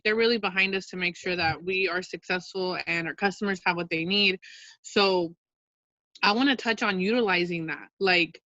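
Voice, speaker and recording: Woman, sales team leader, casual chatty training, bright tense voice, dry dull lo-fi video call sound. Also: fairly low pitch, no room sound. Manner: chatty and upbeat, many fillers and "you guys".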